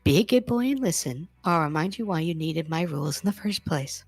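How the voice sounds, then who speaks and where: A woman putting on a soft commanding voice for a whispered role-play as a bossy woman in charge. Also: deep voice, lively intonation, fairly quick, no echo.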